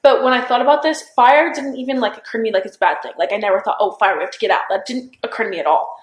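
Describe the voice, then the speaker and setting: A young woman with a slightly high voice speaks haltingly, circling back with "like" and restarting sentences as she tries to remember. It was recorded in a roomy, echoey interview room. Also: lively intonation. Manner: halting, full of "like" and restarts, unsure. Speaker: interviewee recounting events.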